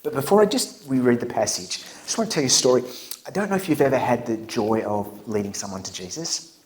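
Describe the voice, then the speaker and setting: A middle-aged man preaching at a church camp, telling a story with lively swings between loud punchlines and hushed asides. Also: mid-range voice, fast talker, a little hiss or hum. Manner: animated storyteller, laughs at his own jokes, drops to whispers. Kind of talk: storytelling sermon. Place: church camp meeting hall.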